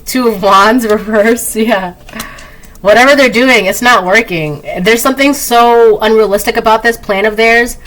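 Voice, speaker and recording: A woman doing a casual spoken tarot reading, chatty, laughing often and acting out quick quoted voices. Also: fairly high pitch, a bit bright, low-quality recording. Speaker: tarot reader.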